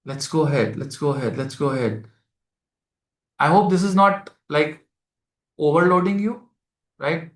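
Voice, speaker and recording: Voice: mid-range voice, a little slow, long pauses. An astrology teacher with an Indian accent giving a live class, explaining step by step, repeating key phrases and mixing Hindi into English while quizzing students. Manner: addresses students directly with questions. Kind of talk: live masterclass lecture. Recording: echoey room.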